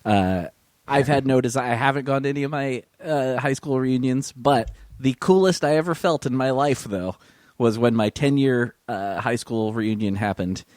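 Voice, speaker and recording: A man's voice: mid-range voice, normal speed, a little mellow, no room sound, studio quality. A man guesting on a podcast, telling a story in a wry, self-deprecating way. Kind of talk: casual chat.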